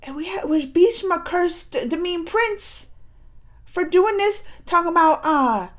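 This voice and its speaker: A woman with a high voice recaps episodes in a casual reaction vlog. She talks in an animated, expressive way, breaking into laughter and exclamations. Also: a little slow. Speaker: reaction video host.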